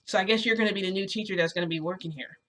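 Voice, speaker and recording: A woman's voice: mid-range voice, racing, bright, forceful tone, lightly acted. A woman voicing a chatty, cheerful male school principal who talks on insistently, in a casual storytime retelling. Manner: talkative, jovial, insistent.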